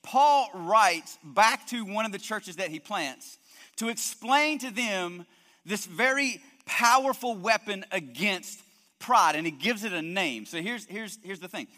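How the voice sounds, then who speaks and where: Preaching with emphasis in a hall with long reverb, this man frequently repeats words to build up each point of his sermon. He sounds high, animated and sharp, keeping a measured pace.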